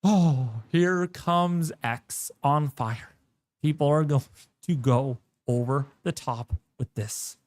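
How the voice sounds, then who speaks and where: Slow-talking man giving weather commentary. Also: on the high side. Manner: animated, jokey, exclamatory. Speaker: weather streamer.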